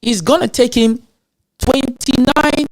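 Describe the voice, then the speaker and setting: A man with an African accent hosting a show, talking to his audience in an animated rant full of rhetorical questions. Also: very high-pitched, takes it slowly. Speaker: show host. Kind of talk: animated ranting commentary.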